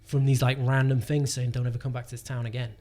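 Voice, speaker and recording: A man's voice: medium pitch, flat delivery, fast, a little mellow. A young man, telling a rambling, sweary comedy-gig story in casual podcast chat. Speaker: comedian guest.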